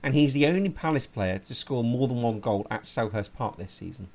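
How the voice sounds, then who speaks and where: Lively man hosting a podcast. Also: medium pitch, fairly quick, vocal fry, muffled recording. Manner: lively, teasing, reads out stats. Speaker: podcast host. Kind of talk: casual chat.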